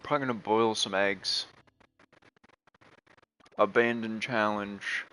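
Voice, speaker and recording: A man's voice: fairly low pitch, steady tone, slow, bright, forceful tone, poor audio. A young man chatting casually while playing a video game, rambling with many restarts. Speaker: gaming streamer.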